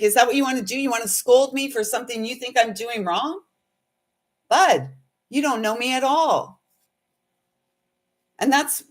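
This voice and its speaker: A woman hosting a casual spiritual livestream, chatting and rambling while reading viewer comments aloud. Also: fairly high pitch. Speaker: spiritual host and intuitive reader.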